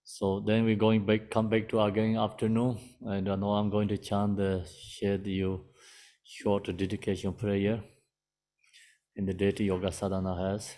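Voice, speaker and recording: Guy teaching meditation, lowish flat voice, halting simple phrasing, checks in w the listeners. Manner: asks the audience gentle questions. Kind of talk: dharma teaching.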